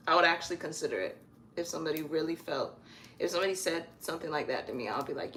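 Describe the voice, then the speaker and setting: Woman, low voice, very lively intonation, casual live-stream chat, drawn-out emphasis. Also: a little hiss or hum. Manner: chatty and animated, stretches words for emphasis. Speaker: hair stylist hosting a live stream. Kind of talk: casual chat while styling hair. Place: at home doing her own hair.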